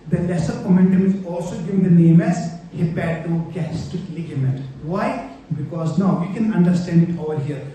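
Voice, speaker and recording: A man's voice: fairly high pitch, mellow. Echoey, distant male anatomy lecturer. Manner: explanatory, checks in often with rhetorical questions. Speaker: medical lecturer. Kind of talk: exam-prep anatomy lecture. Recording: very echoey room, distant mic, faint noise.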